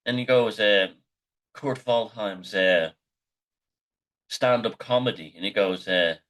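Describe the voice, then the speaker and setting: A man's voice: on the low side, slow pace, pauses often, a bit bright. A middle-aged man, the host, telling rambling, sweary anecdotes in a casual monologue.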